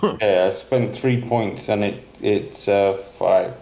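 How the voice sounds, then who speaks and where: A man playing a tabletop game, asking slow, deliberate questions. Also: on the low side, vocal fry, roomy sound, lo-fi sound, background noise. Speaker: player.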